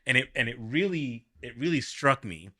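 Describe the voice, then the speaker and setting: A young adult man hosting a casual podcast as a worship leader, animated and laughing, thinking aloud with restarts. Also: mid-range voice, moderate pace.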